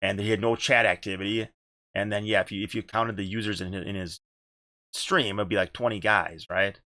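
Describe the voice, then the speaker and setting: A man's voice: fairly low pitch, fairly even intonation, moderate pace, sharp tone, no room sound. A man hosting a casual gaming podcast, rambling and repeating himself, with casual swearing. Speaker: podcast host and streamer.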